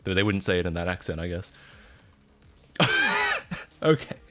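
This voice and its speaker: A man's voice: low-pitched, very animated, normal speed, a bit bright. A man chatting casually on a livestream, laughing often and breaking into incredulous outbursts.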